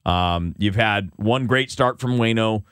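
A man co-hosting a casual sports talk show, talking in animated rants with many restarts. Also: lowish voice, unhurried, clear, resonant tone, dry recording, clean studio sound. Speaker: co-host.

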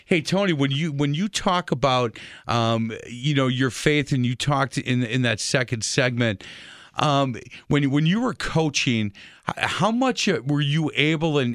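A man's voice: medium pitch, a bit bright, dry recording, clean studio sound. A man hosting a radio interview, asking long, stumbling questions. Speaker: radio host.

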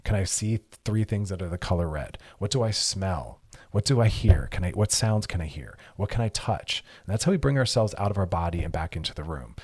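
A man with a low, slightly husky voice hosts an advice podcast. He talks earnestly and directly, pressing his points with strings of short commands. His delivery feels like a steady coaching monologue. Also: a little fast. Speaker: advice show host.

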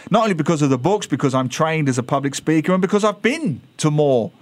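A man's voice: a little high, expressive, quick pace. A man with an Essex estuary English accent talks in a slightly raised voice on a studio radio mic. His delivery is chatty and opinionated, peppered with wry asides. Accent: Essex (Thames estuary) English. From England, East London. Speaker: guest columnist. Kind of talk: radio talk chat.

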